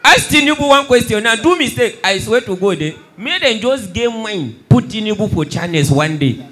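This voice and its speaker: A young Nigerian man doing stand-up comedy, mixing Pidgin and English and shouting his punchlines. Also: sits high, animated, moderate pace.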